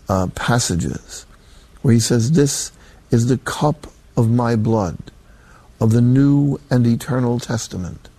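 A man's voice: mid-range voice, warm tone, no room sound. An older man, a Catholic priest, preaching a sermon in a folksy, emphatic way with colloquial asides.

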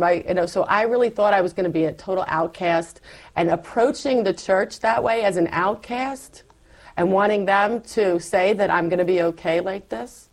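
A middle-aged woman telling her faith story in a candid, animated conversation, acting out her past self as she goes. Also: medium pitch, moderate pace.

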